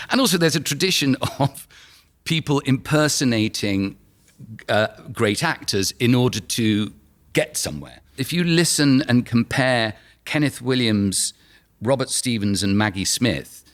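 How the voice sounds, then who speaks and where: A medium-pitched, fairly bright male voice: a London-accented actor in his fifties appearing as a podcast guest. He tells anecdotes in a casual chat, laughing his way through the stories.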